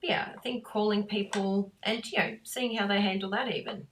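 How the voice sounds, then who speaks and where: A middle-aged woman, hosting a craft class and chatting in a rambling, warm way that breaks into laughs. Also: medium pitch, steady tone, fairly quick, distant mic, a little hiss or hum. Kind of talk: chatty talk while crafting.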